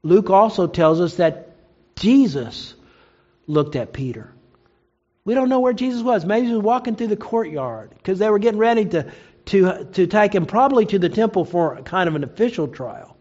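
A man's voice: expressive, moderate pace, darkish tone, dull audio. A man preaching a sermon, retelling a story and acting out the quoted lines. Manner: storytelling, acts out quoted lines with rising pitch.

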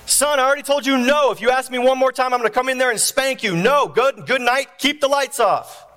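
A man's voice: very high voice, a little fast, sharp tone, in a large hall, pitched above the performer's own voice. A man voicing an impatient father scolding his son at bedtime in a raised, stern voice. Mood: exasperated.

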